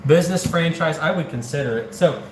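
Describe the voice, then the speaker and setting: This central Ohio man, who hosts a livestreaming channel, has a slightly high voice and talks fairly quickly. He jokes and chats while counting money aloud, with a little hiss or hum, an echoey room and faint background ambience.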